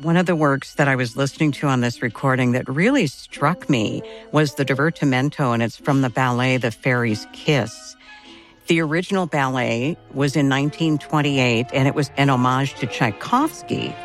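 A woman's voice: very deep voice, normal speed. Woman radio host presenting classical music. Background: faint music underneath.

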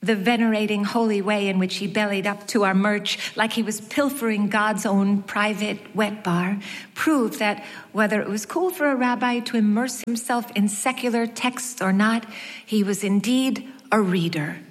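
A woman narrating her own story as an audiobook, wry and measured with light self-mockery. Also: mid-range voice, fairly even intonation. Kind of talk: first-person audiobook narration. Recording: long hall reverb.

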